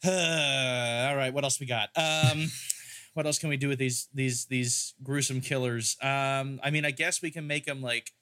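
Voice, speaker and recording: A man chats through a film review in a loose, rambling way. He often restarts his thoughts and leans on fillers. His voice has a bright, forward ring at a middle pitch. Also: steady tone, a little slow, clear, resonant tone. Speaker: podcast host. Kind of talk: casual film-review chat.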